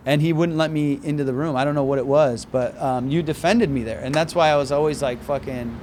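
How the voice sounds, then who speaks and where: A man's voice: a little high, brisk, darkish tone, a little hiss or hum. A male stand-up comedian telling a rambling, profane story in casual chat on an outdoor balcony. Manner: rambling, profane, acts out quoted voices.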